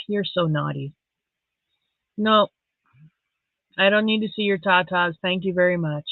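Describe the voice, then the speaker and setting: A middle-aged woman hosting a casual live stream, chatting warmly with her viewers and reading out their comments. She sounds soft-hearted and easily moved. The audio is thin and phone-like, and the room is dry and close. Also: lowish voice, takes it slowly, long pauses, no echo. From Saskatchewan, Canada.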